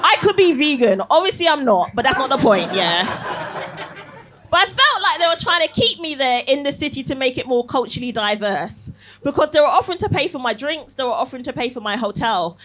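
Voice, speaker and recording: A woman's voice: sits high, very animated, a little fast, fairly bright tone, a little hiss or hum. A young woman doing a chatty, punchy stand-up set on a comedy club stage, tagging jokes with "yeah?" and laughing at her own lines. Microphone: handheld stage mic.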